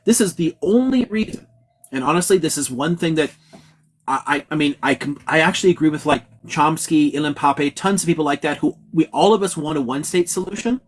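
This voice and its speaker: A man's voice: on the high side, fairly quick, a little hiss or hum. A man hosting a casual live-stream discussion, talking bluntly and swearing freely. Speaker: host.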